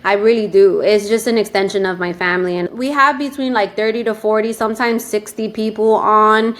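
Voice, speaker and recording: A woman's voice: medium pitch, a little fast. A woman from New York with a New York accent, chatting animatedly as a real estate agent guest on an interview show. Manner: animated, chatty, many fillers. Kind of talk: casual interview chat.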